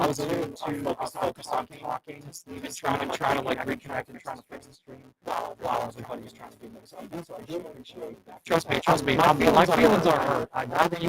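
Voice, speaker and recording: A man hosting a live stream, talking loudly with constant swearing, frustrated and apologetic. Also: on the high side, creaky, low-quality recording. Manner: loud, profane, frustrated and apologetic. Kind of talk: casual live stream chat.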